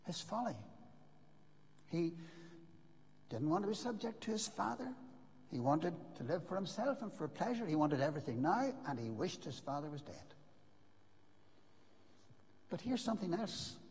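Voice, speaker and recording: An older man preaching in a church, his fairly high voice swinging widely in pitch as he presses each point. He speaks earnestly, slowing for dramatic pauses. The sound carries a long hall reverb. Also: a little mellow. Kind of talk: sermon.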